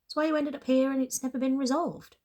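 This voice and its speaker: A woman's voice: high voice, flat delivery, quick pace, darkish tone, pitched above the performer's own voice, close to an everyday voice. Woman putting on a blunt, pushy friend and boss. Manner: pushy, insistent, matter-of-fact.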